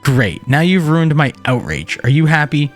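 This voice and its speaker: A man's voice: fairly high pitch, sing-song, normal speed, soft background music. A man voicing a fed-up, bitter young peasant wife, reading game dialogue aloud in a sarcastic rant. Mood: exasperated. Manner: sarcastic ranting.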